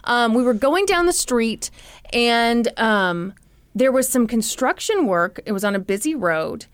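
A woman co-hosts a podcast, chatting and laughing easily. Her pitch is fairly high and swings widely, and the recording sounds close and dry. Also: measured pace, clear, resonant tone, dry recording. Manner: animated, laughs often. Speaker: podcast co-host. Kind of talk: casual chat.

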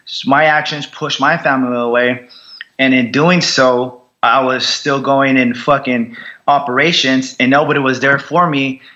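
A man's voice: medium pitch, fairly even intonation, moderate pace, bright, forceful tone, muffled recording. A man telling his story as a podcast guest, raw, blunt and heavily profane. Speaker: podcast guest, combat veteran. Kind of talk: candid interview storytelling.

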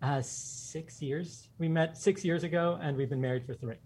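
A man with a slightly husky, somewhat high voice tells stories to his podcast hosts. He speaks with eager energy and laughs often. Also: steady tone, a little mellow. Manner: enthusiastic anecdotes, quick, laughing. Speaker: guest. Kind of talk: storytelling in a casual interview.

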